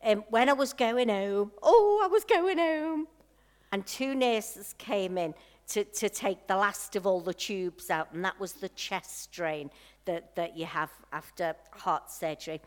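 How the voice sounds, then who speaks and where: A woman preaching a sermon at an unhurried pace, letting her words settle in soft pauses. Her voice is smooth and clear, and she tells a personal story in a heartfelt way. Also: mid-range voice, steady tone.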